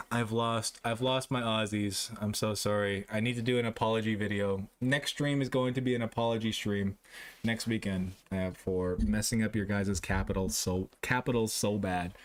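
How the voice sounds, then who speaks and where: A young man streaming live, chatting casually with his viewers while playing a guessing game, joking at his own expense and laughing often. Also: on the low side. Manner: jokey, self-mocking, laughs often.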